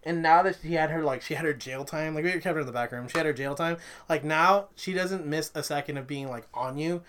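High bright-voiced man telling profane stories. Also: brisk, slight background noise. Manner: profane, rambling storytelling. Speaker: podcast co-host. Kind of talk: casual chat.

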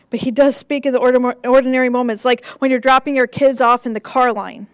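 A woman pastor delivering a sermon in a gentle, measured way, with rhythmic repeated phrases and soft drops for emphasis. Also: on the high side, smooth, no room sound.

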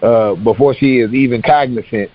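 A man's voice: mid-range voice, normal speed, no room sound, muffled recording. A man guest on a podcast talking cheerfully in a casual chat.

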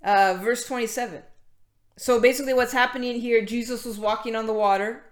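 A woman's voice: fairly high pitch, fairly even intonation, brisk. A woman preaching a casual sermon, reading scripture and chatting informally with many fillers and restarts. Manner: conversational, many fillers and restarts, greets latecomers mid-talk. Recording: echoey room.

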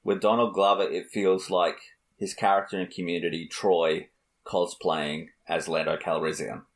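A man's voice: sits low, flat delivery, normal speed. A man co-hosting a podcast, chatting casually about films in a dry, teasing way. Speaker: podcast co-host. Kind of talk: casual film discussion.

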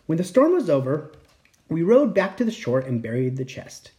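A storybook reader with a very lively, sing-song voice that rises and falls through each sentence. The delivery is expressive and playful, with sound effects acted out during the tale. The overall pitch sits in the middle. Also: moderate pace. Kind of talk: reading a children's picture book aloud.

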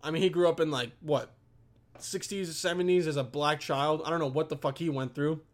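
Here a young male vlogger talks a little fast, his slightly high voice keeping fairly even intonation. He's ranting to a camera set on his computer, rambling and swearing all the way through.

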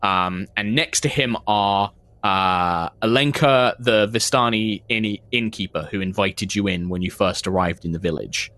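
A man's voice: fairly low pitch, measured pace, fairly bright tone, no echo. A man narrating a tabletop game as game master, describing scenes with frequent fillers.

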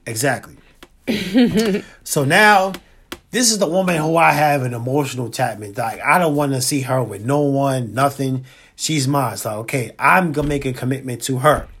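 A man co-hosting a podcast in casual chat, slangy and laid-back, repeating points slowly for emphasis. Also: medium pitch, fairly bright tone, husky. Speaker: podcast co-host.

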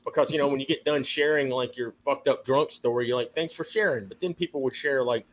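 A man from Georgia co-hosting a podcast, animated and self-mocking in casual crude chat. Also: mid-range voice, quick pace. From Georgia, USA. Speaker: podcast co-host.

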